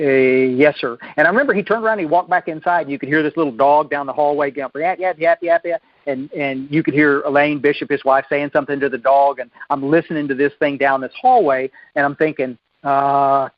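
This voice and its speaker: A middle-aged man from Texas, with a fairly high voice, shares his recovery story in a rambling style full of restarts and stammers. The recording sounds dull and lo-fi, with no room echo. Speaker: speaker sharing a recovery story. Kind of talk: personal testimony talk.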